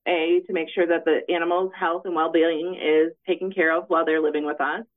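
A woman's voice: low-pitched, little pitch movement, brisk. A woman who directs university housing, speaking in a phone interview and explaining things with frequent fillers. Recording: tinny phone line.

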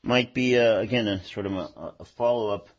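Low-voiced radio host. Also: male voice. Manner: unhurried, many "uh" pauses. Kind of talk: radio talk show. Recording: dull radio broadcast audio.

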